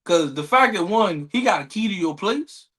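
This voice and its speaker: A man's voice: high voice, animated, moderate pace, fairly bright tone. A man co-hosting a podcast in casual banter, slangy, with exaggerated comic outrage. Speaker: podcast co-host.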